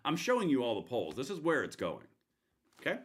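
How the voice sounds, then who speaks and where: Man streaming political commentary, lively swooping pitch, rambling, sarcastic. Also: fairly quick, husky. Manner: rambling, sarcastic, with many restarts. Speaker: livestream host.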